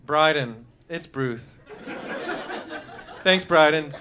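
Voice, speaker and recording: Young guy doing stand-up on a club stage, crude and loose, laughs a lot, voice sits high, mic in hand. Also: extremely slow, noisy background. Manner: loose, crude, laughing through lines, shouting bursts. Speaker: stand-up comedian. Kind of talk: live stand-up riffing with the crowd. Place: comedy club stage before a live audience.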